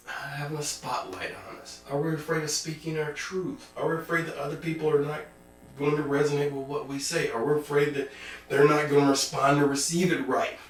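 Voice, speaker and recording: Man, spiritual talk, preachy, rhetorical questions, distant mic, heavy room echo. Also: a little high. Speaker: spiritual speaker.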